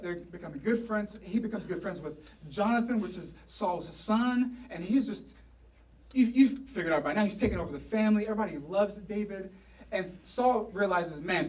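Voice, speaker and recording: A male pastor preaches in a church, retelling a story with lively, joking asides to the congregation. His voice runs high and is picked up from some distance away. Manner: animated storytelling, playful asides. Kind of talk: sermon. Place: church sanctuary.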